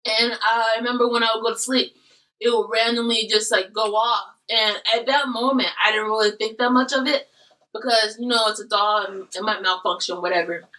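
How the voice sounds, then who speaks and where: A woman's voice: a little high, fairly even intonation, fairly quick, pushed and bright, recorded from a distance, rough recording. A woman hosting a casual eating video, animatedly telling a story. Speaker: host.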